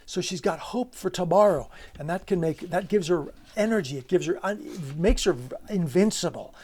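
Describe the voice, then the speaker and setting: A man's voice: on the high side, lively intonation, moderate pace, darkish tone. A man giving an unscripted lecture on literature, earnest and emphatic, asking rhetorical questions and often restarting his sentences.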